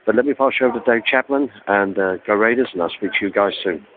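A man sends a chatty phoned-in message from an airport, thanking people between hesitant fillers. His voice is fairly low and comes through a tinny line with faint hiss. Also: fast. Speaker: fan correspondent.

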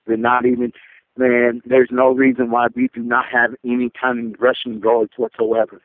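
A gravelly-voiced man calls in over a tinny, dry phone line. He rants angrily and swears constantly, his voice leaping high when he gets worked up. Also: moderate pace, no room sound. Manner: angry, profane, pitch jumping sharply. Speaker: caller. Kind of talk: fan call-in rant.

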